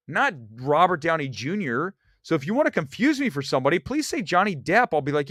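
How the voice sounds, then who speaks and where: A man's voice: fairly high pitch, fairly quick, no echo, studio quality. A man hosting a movie talk show, rambling through stories and acting out the people he quotes. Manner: animated storytelling, acts out quoted people. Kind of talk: casual rambling livestream chat.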